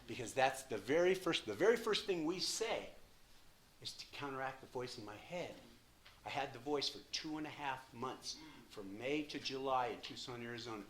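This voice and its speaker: Older man, 60s, emphatic recovery share, mid pitch, hushed to loud, profane. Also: expressive, moderate pace, slight background noise. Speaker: speaker at a recovery meeting.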